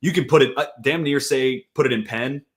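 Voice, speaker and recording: A man co-hosting a football podcast, talking loosely and throwing in "dude" and "like" as he goes. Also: medium pitch. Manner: quick, loose, peppered with "dude" and "like". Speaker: fantasy football podcast co-host. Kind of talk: casual sports chat.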